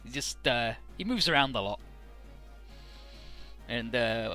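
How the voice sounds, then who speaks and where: Bright-voiced man recapping a game story. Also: mid-range voice, expressive, slow, soft background music. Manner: offhand, profane, amused retelling with many "uh"s.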